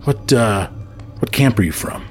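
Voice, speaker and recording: A man's voice: on the low side, animated, unhurried, faint music behind, voice pushed up. A man doing a curt tattooed bandit lieutenant. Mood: dismissive. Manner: curt and dismissive.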